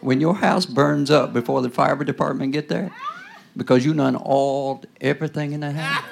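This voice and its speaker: A man preaching a sermon in a loose, conversational style, tossing asides to the congregation and swinging between loud bursts and near-whispers. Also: mid-range voice, normal speed, vocal fry, a little hiss or hum. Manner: call-and-response asides, rising to loud bursts then dropping to whispers.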